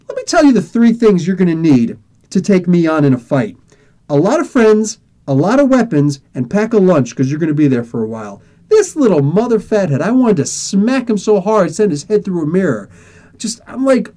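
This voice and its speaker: A man hosting a podcast tells a personal story in a loose, casual way. His voice is mellow and warm, and his pitch rises and falls in lively swings. He acts out each exchange and laughs often as he talks. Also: moderate pace. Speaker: podcast host.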